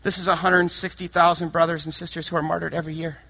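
Male preacher, fervent sermon delivery, high bright voice, big dynamic swings. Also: level tone, fast, creaky. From United States. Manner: impassioned, swings from hushed to shouting.

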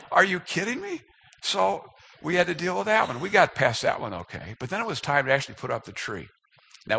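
Man, fifties, strong bright tone, self-deprecating, humorous sermon story. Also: medium pitch, gravelly, breathy edge. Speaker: speaker.

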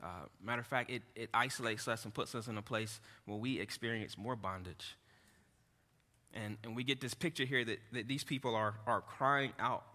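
A man preaches a sermon in a halting, earnest way, restarting phrases and turning to the congregation with asides. His voice is sharp and bright. The sound carries the long reverb of a church hall. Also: mid-range voice. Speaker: pastor. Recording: echoey hall.

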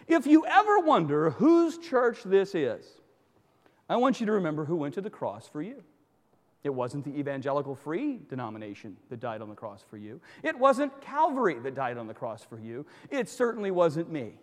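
A male pastor delivers an emphatic sermon in a high voice that swings widely in pitch. He drives his points home with rhetorical questions and repeated phrases. His voice carries a long reverb from the church hall around him. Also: huge pitch swings, normal speed.

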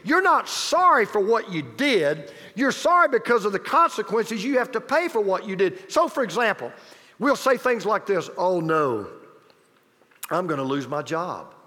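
A man with a high voice delivers a sermon, his pitch swinging widely as he presses each point. He repeats key phrases for emphasis and drops into chatty asides to his listeners. The sound carries a long reverb from a large church hall. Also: big pitch swings, moderate pace, pushed and bright. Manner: emphatic and repetitive, with conversational asides to the congregation. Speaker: pastor.

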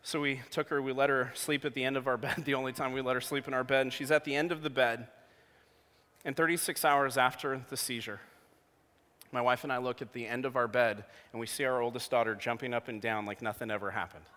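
A man in his thirties preaching a sermon, telling a personal story with jokey asides, going from hushed to loud. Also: mid-range voice, steady tone, brisk. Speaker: pastor. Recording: long hall reverb.

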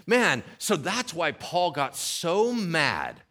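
A male pastor preaching a sermon in an animated way, acting out the voices of the people he quotes. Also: a little high, slow.

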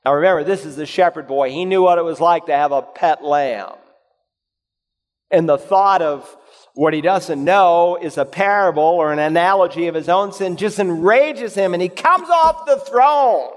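A man preaching a sermon, reading scripture in a low, measured voice and rising to loud, emphatic points. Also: long reverb tail. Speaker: pastor.

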